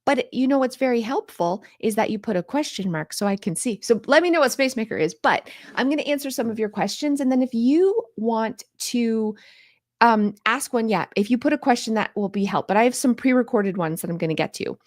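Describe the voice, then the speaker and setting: A woman's voice: on the high side, animated, a little fast, dry recording, studio quality. Upbeat woman hosting a live stream. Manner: upbeat, coaxing, direct to viewers. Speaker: home organizing host. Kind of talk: live-stream chat with viewers.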